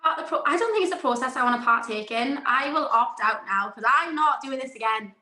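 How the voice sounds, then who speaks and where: A chatty, self-deprecating woman in her twenties speaks as a guest on a podcast. Her voice is high and sharp. It echoes in a roomy space. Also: animated, quick pace. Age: 20s. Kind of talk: casual chat.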